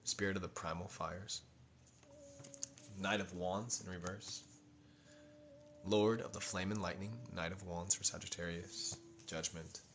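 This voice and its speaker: A man hosting a livestream tarot reading, reading cards slowly and softly, then turning loud and laughing with casual swearing. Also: sits low, fairly even intonation, slight background noise. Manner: swings from soft, slow reading to loud, laughing, profane outbursts.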